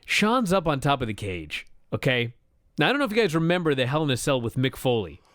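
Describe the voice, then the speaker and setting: A man co-hosting a wrestling review show, retelling a match with excited, profane storytelling. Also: medium pitch, fast talker, dry recording, studio quality. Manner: animated storyteller, swears freely, laughs while telling. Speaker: wrestling podcast co-host. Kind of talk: excited casual review chat.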